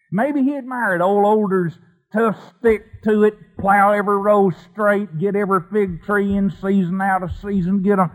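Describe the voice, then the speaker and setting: Folksy male preacher telling a Bible tale, animated, with a fairly high voice. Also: rough recording. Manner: folksy, animated, with colloquial asides. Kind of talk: folksy sermon storytelling.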